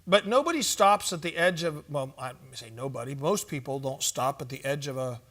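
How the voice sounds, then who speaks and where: A man's voice: fairly high pitch, animated, normal speed, a bit bright. A man giving a church conference teaching, telling stories in a conversational way with fillers and asides. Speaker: conference speaker.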